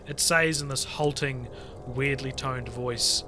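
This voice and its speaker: A man on a podcast reading a creepy internet story aloud to friends, lively and full of swearing. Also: mid-range voice, slow, over music. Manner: animated storyteller, swears freely, breaks off to chat. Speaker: podcast co-host reading stories.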